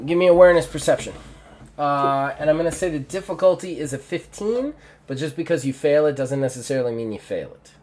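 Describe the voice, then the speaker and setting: Animated male game master narrating. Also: a little high, fairly quick. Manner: animated, loose descriptive narration.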